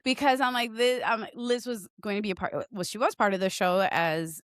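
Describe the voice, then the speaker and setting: Animated woman telling a story, dry mic. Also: medium pitch, brisk, clear, resonant tone, no echo. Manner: animated, acts out voices in her stories, laughs often. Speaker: podcast co-host. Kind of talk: casual storytelling chat.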